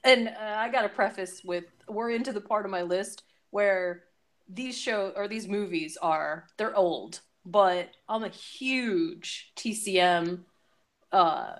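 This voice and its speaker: A woman's voice: medium pitch, slow pace. Female panelist, enthusiastic, casual conversational tone. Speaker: podcast panelist.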